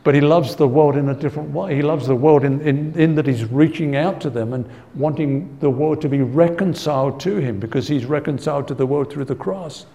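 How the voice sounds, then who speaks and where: A man's voice: fairly high pitch, a little fast, vocal fry, hardly any pauses, warm tone, muffled recording. A man preaching a Bible-teaching sermon in a conversational way, repeating his key points and often saying "you know.".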